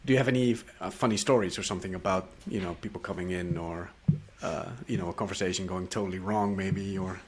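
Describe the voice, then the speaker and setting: A man's voice: deep voice, fairly even intonation, fast, few pauses, slightly rough. A man hosting an interview, asking friendly questions with lots of hesitation and fillers. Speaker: interview host. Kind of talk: casual interview.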